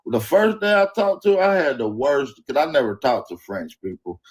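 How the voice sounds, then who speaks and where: A man's voice: medium pitch, animated, normal speed. A man hosting a stream in casual chat, joking crudely and laughing often. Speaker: stream host.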